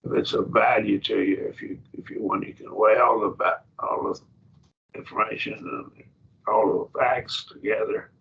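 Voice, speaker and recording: Male Bible teacher, gravelly, thinks aloud over Greek words; dull lo-fi class tape. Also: fairly low pitch, fairly even intonation. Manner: explains Greek word by word, slow and thinking aloud. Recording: dull lo-fi classroom recording with faint noise.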